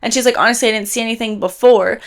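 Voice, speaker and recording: Animated young woman telling a story. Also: on the high side, racing. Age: 20s. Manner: animated storytelling, acts out quotes. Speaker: podcast co-host. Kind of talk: casual chat.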